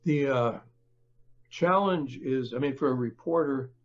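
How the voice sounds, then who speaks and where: An older man, a book author, speaking as a podcast guest in a halting, conversational way with many fillers and restarts. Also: medium pitch, muffled recording. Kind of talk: conversational interview.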